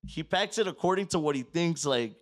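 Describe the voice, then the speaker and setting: A man's voice: a little high, lively intonation, fairly quick. A man telling a long story on a podcast in a loose, profane way, slipping into Spanish. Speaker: podcast guest. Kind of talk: casual storytelling.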